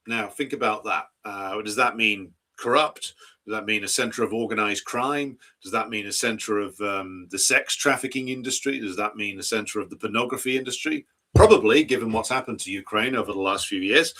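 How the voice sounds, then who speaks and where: A man's voice: mid-range voice, sharp tone. A man hosting a political commentary stream, arguing his case and posing rhetorical questions. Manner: argumentative, asks rhetorical questions.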